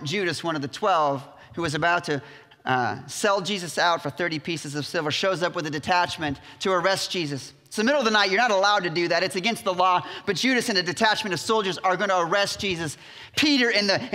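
High, bright-voiced preacher in a big hall. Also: male voice. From United States. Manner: animated storytelling, acting out quotes. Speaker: pastor. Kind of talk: sermon. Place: church sanctuary. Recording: reverberant church hall.

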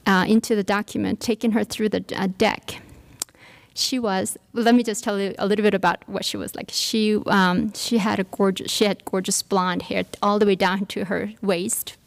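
A woman's voice: mid-range voice, level tone, moderate pace, creaky. A woman giving a workshop talk, telling a personal story with many fillers and restarts. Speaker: workshop speaker. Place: lecture room.

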